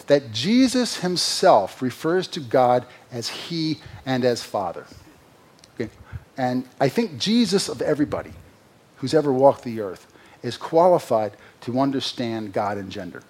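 A pastor delivers a sermon in a husky, slightly breathy voice. He is earnest and direct. He swings between emphatic, rising peaks and quiet, low confiding passages, with sarcastic asides along the way. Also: very animated, unhurried.

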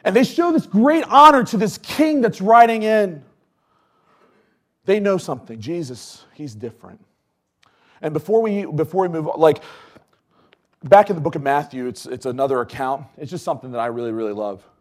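Animated high-voiced male preacher. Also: moderate pace. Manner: animated, storytelling, swings from loud to hushed; chatty with many fillers. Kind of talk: casual conversational sermon.

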